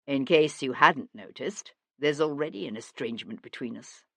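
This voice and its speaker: Woman doing a stern young nobleman, clipped and menacing, low voice, dry sound. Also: expressive, moderate pace, vocal fry, no room sound, full character voice. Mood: earnest.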